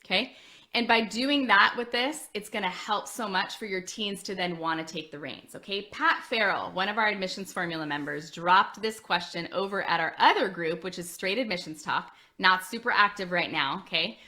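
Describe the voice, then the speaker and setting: A woman in her forties, an admissions coach, giving chatty, animated advice to parents. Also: medium pitch, moderate pace. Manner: chatty, animated, addresses listeners as friends.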